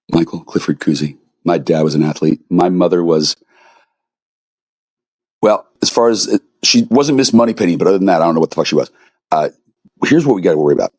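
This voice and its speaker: A man's voice: deep voice, a little mellow, husky. A man delivering a furious, confrontational rant to the camera, swearing constantly. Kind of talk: angry profane rant.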